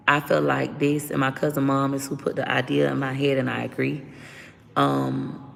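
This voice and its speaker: A woman's voice: rumbling low, creaky, long reverb tail, slight background noise. A woman talking candidly as an interview guest about her own life, blunt and profane as she vents. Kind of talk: candid personal storytelling.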